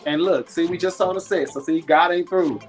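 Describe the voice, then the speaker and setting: Chatty male live-stream seller, laughs a lot, churchy warmth, faint music behind. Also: fairly high pitch, fairly even intonation, brisk. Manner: chatty, laughs often, reads viewer comments aloud; warm and churchy, talks faith. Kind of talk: casual live sales stream.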